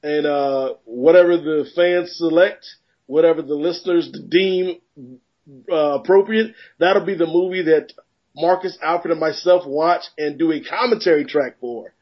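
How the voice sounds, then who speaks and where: Joking podcast host, lo-fi sound. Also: male voice, on the high side, a little slow. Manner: joking, rambling, animated riffs. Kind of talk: casual sports podcast banter. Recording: dull lo-fi podcast audio.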